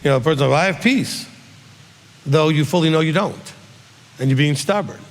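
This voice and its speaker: A man's voice: on the high side, a little fast. Male rabbi, Q&A teacher, conversational, roomy hall reverb. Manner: conversational teaching with frequent "okay?" check-ins. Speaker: rabbi leading a Q&A.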